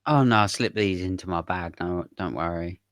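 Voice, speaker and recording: A man's voice: sits low, moderate pace, fairly bright tone, no echo. A man voicing a humble male goblin who talks meekly and hesitantly. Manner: meek, grateful, hesitant. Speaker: player.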